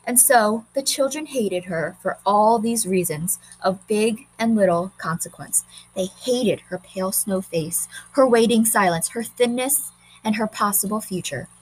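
A woman reading a short story aloud in a measured, expressive way. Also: medium pitch, breathy edge, poor audio. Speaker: narrator.

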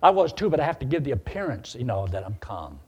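A man's voice: mid-range voice, big pitch swings, fast talker, husky. An older man telling a story in a sermon, folksy and acting out the voices he quotes. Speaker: preacher.

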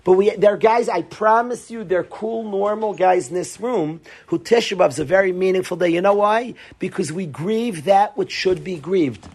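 Husky-voiced rabbi lecturing earnestly. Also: male voice, sits high, normal speed, hardly any pauses, darkish tone. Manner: earnest, repeats phrases for emphasis. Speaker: rabbi teaching yeshiva students. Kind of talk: Torah lecture to students.

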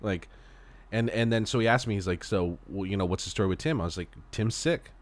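Host, male, very low voice, relaxed storyteller who swears casually. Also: a little fast. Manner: loose, laughing storyteller with frequent swearing. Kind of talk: casual chat.

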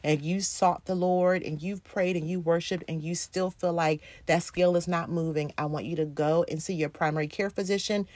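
A woman giving an earnest devotional talk to women, encouraging and repetitive, slowing down to stress her points. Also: fairly low pitch, steady tone, a little mellow, dry recording. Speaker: Christian women's speaker.

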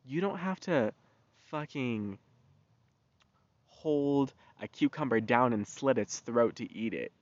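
A man's voice: mid-range voice, expressive, slow pace, long pauses, dry recording. A man ranting in a casual monologue, heated and slangy, swearing freely. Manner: profane, heated, loose and slangy. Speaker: vlogger. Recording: dull lo-fi recording.

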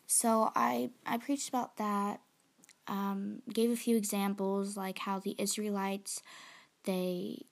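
A woman's voice: mid-range voice, flat delivery, slow pace, gravelly. A young woman, chatting into her phone for a casual solo podcast, rambling and self-conscious, often dropping to a whisper. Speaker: podcast host.

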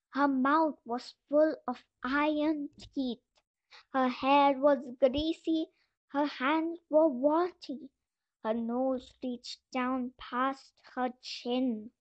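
A woman reads a folk tale aloud in a gentle, measured way. Her voice is high and her pace slow. The recording sounds dull and lo-fi. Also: steady tone. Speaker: storyteller. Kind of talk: storybook reading. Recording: dull lo-fi voice message.

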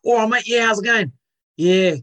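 A man's voice: sits high, moderate pace, sharp tone, voice pushed up. A man doing a breezy matey Aussie bloke. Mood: cheeky. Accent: Australian. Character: chatty Australian cricket fan, matey.

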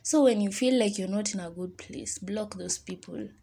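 Heartfelt young woman podcaster, mellow. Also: mid-range voice, moderate pace, vocal fry, husky. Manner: chatty, heartfelt, encouraging, with many "like" fillers. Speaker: podcast host. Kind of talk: casual solo podcast talk.

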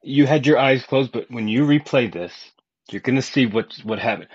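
A man, a coach appearing as a podcast guest, talking in a low-key, blunt way and swearing casually. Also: normal speed, breathy edge, no room sound, muffled recording. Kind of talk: candid conversational chat.

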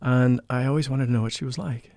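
A man's voice: medium pitch, steady tone, fast, gravelly, no room sound, clean studio sound. Earnest man telling a spiritual story. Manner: earnest, emotional, drops to a hushed voice for quotes. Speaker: podcast guest, spiritual life coach. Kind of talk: storytelling in a casual interview.

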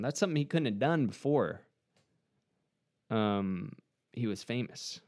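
A man's voice: medium pitch, expressive, measured pace, long pauses, darkish tone, no echo, studio quality. A man giving casual, joking reaction commentary on a track, laughing often and mocking lines in a raised voice. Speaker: host reacting to a music track.

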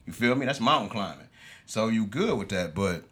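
A man, talking in casual chat with animated street slang and profanity. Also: lowish voice, normal speed, breathy edge.

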